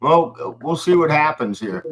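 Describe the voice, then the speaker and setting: A man's voice: a little high, lively intonation, unhurried, rough recording. A man hosting a casual live stream, talking in an easygoing way with lots of fillers. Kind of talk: casual chat.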